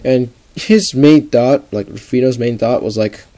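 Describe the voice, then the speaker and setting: A man's voice: medium pitch, unhurried, warm tone, a little hiss or hum. A young man casually narrating a homemade comic story, rambling with lots of "like". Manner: rambling, full of "like".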